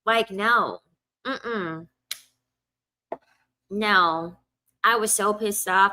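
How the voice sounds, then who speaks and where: A woman's voice: mid-range voice, drawn-out words, sharp tone, a little hiss or hum. A young woman telling a casual storytime rant, blunt and profane, repeating lines for emphasis. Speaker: vlogger.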